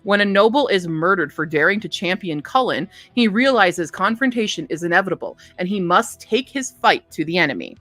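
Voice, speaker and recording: Chatty woman book streamer, lowish voice. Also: lively intonation, brisk, hardly any pauses, a bit bright, no room sound. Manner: chatty, reads book blurbs aloud. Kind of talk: casual livestream chat.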